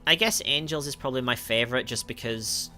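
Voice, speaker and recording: Bright-voiced Northern English man. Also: mid-range voice, brisk, soft background music. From north of England. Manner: chatty, laughs often, frequent ums and self-corrections. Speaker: music producer streamer. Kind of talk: livestream Q&A, reading chat questions.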